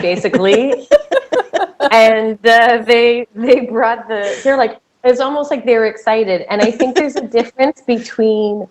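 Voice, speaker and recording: A woman's voice: fairly high pitch, unhurried, darkish tone, low-quality recording. A woman co-hosting a podcast, telling camp stories in casual chat and laughing as she talks. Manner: giggly storyteller who laughs mid-sentence. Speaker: podcast co-host, camp director.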